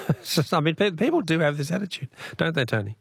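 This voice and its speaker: A man's voice: on the high side, sing-song, a little fast, gravelly, husky, dry recording, studio quality. A man hosting a call-in radio show, casual and conversational as he brings in callers. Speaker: radio host.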